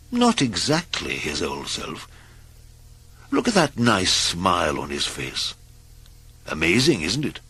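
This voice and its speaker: A male narrator tells a cartoon story at an unhurried pace, with a lively, rising and falling pitch. His voice is low-set and a little husky, recorded close and dry. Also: no echo.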